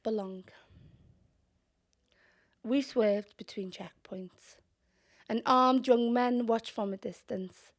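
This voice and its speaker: A young woman with a Scouse accent performing spoken-word poetry in a measured, deliberate way, sometimes dropping to a whisper. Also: a little high. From Liverpool, England. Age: young adult. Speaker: poet.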